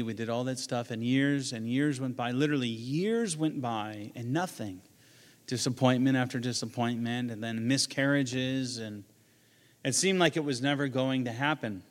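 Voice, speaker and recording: A man's voice: mid-range voice, in a large hall. A man, a pastor, preaching a sermon in a conversational way, with joking asides and quoted lines he acts out.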